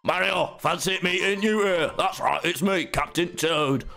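A man's voice: sits high, unhurried, vocal fry, sharp tone, faint music behind, voice pushed up, exaggerated voice. A man voicing a cheerful little male mushroom explorer, chirpy and upbeat.

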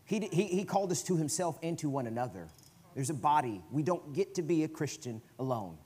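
A man with a Southern US accent, a guest preacher giving a conversational sermon in a church, swinging from quiet asides to emphatic, loud bursts. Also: a little high, animated, a little fast, breathy edge. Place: church sanctuary.

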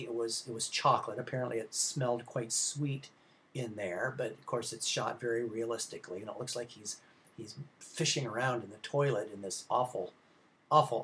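Male film instructor, mid-pitch, loose, rambling lecture delivery with lots of "uh"s and self-corrections. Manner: rambling, casual, many fillers and restarts. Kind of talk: recorded class lecture.

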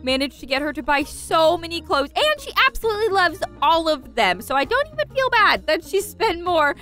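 An excitable young woman narrates a game role-play and chats straight to her viewers. Her voice is very high, bright and full of lively swings. Soft music plays underneath. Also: normal speed. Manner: excitable, chatty, addresses viewers. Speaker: gaming channel host.

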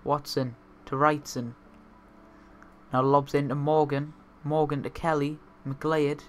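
A young man, from north-east England, hosting a let's-play of a football management game and swinging between muttering and excited outbursts. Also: fairly high pitch, takes it slowly, slight background noise. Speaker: gaming video host.

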